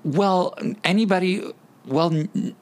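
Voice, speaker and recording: A man with a Southern US accent co-hosting a podcast in casual chat, animated, sassy and laughing often. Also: high voice, slow. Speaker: podcast co-host.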